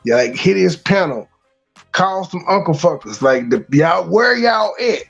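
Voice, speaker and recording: A man's voice: on the high side, lively intonation, measured pace, gravelly, dull audio, faint music behind. A man hosting a livestream who mocks and taunts another man in crude trash talk. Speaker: host of a commentary livestream. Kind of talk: mocking live commentary.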